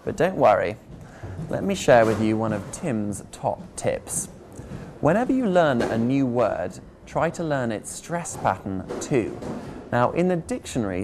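A man presenting a scripted English pronunciation lesson, spelling out word endings slowly and clearly. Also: mid-range voice, sing-song, a little mellow, a little hiss or hum. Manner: slow, deliberate, spelling out words.

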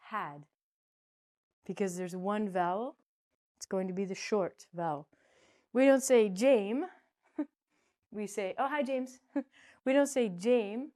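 Lady teaching english sounds, goofy and animated, whoops then mutters asides, mid pitch. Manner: animated, jokey, talks to herself in asides. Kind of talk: playful pronunciation lesson.

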